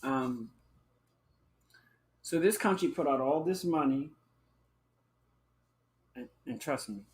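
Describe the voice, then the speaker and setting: A man hosting a live-stream talk show, chatting in a sassy, flamboyant way, calling listeners honey and child and breaking into high whoops. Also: slow pace, a little mellow. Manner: bursts into high whooping exclamations. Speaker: livestream show host. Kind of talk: casual live-stream chat.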